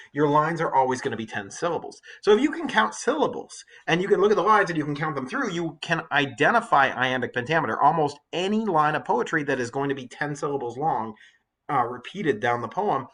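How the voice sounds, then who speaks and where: Bright-voiced male teacher explaining poetry. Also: mid-range voice. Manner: talkative, thinks aloud with fillers and restarts. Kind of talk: classroom lecture with poem reading.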